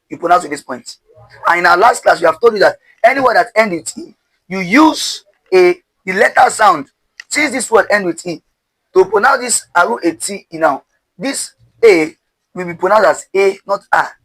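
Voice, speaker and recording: A man's voice: sits high, fairly bright tone, rough recording. A man teaching pronunciation step by step, drilling syllables with call-and-response and asking rhetorical questions.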